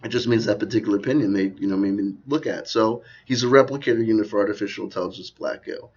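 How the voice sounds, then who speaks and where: A man's voice: on the low side, fast talker, a little mellow, breathy edge. A man delivering a rambling, sardonic commentary with frequent asides, recorded in a dull lo-fi quality. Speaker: video commentator. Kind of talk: rambling conspiracy commentary vlog.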